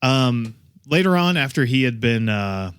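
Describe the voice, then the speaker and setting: A male podcast host narrates a grim true-crime story with wry jokes tossed in. His voice sits at an ordinary middle pitch. The recording is close and dry. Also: expressive, unhurried, fairly bright tone, clear, resonant tone, no room sound. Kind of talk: casual chat, telling a true-crime story.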